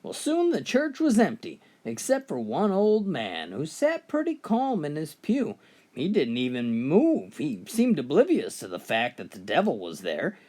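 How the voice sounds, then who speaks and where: A man's voice: a little high, huge pitch swings, measured pace, a little mellow. A man telling jokes in a folksy storytelling style, often opening his lines with "well.". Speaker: joke teller. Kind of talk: told jokes, comic storytelling.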